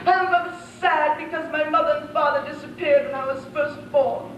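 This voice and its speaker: A man's voice: very high voice, steady tone, moderate pace, fairly bright tone, slight background noise. A young man voicing a melodramatic, self-pitying young princess with a swooning, theatrical delivery, recorded from far off in an echoey room. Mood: mournful.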